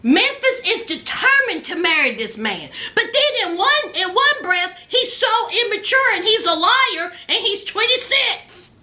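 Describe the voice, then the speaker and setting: A woman's voice: very high voice, sing-song, measured pace, few pauses, bright, forceful tone. A woman giving a sassy, chatty, casual commentary recap, often laughing at her own jokes. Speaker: reality show recapper.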